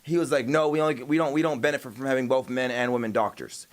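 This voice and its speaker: A man's voice: mid-range voice, steady tone, fast talker. A young man on a casual livestream, retelling an argument in a rambling, profane way, with many restarts and admitting he stutters sometimes. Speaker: streamer.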